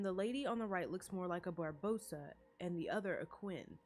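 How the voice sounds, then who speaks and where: A woman's voice: on the low side, fairly quick, darkish tone. A woman giving casual, profane gameplay commentary in a playful tone. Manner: playful, profane, laughing asides. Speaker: gamer streamer.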